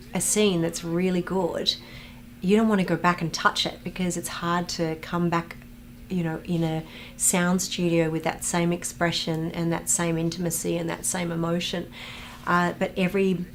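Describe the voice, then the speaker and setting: A woman chatting casually on a live stream, reading viewer comments aloud and greeting chatters with bursts of excitement. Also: fairly low pitch, slight background noise. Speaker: actress hosting a watch-along chat.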